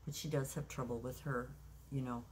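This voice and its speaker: A woman in her sixties shares a personal story in a relaxed vlog. Her voice sits very low. Her delivery is reflective and halting, full of pauses and restarts, with a faint hiss behind it. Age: 60s. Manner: reflective, unhurried, with many um's and restarts. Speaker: craft vlogger.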